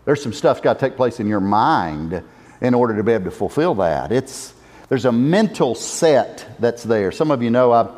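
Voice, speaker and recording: A man's voice: medium pitch, very animated, normal speed, a little mellow. A male pastor preaching a sermon, impassioned and building to emphatic exhortations. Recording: echoey church hall reverb.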